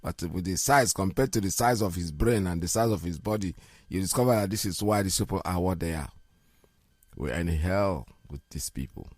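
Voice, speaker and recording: A man's voice: low voice, moderate pace, darkish tone, no echo. A middle-aged man hosting a live radio show, speaking emphatically, repeating words and often laughing.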